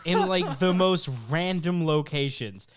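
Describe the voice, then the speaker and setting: Measured in pace and a little high in pitch, this young podcast co-host tells stories casually, swearing a lot and acting out quotes with animation. A little hiss or hum is present.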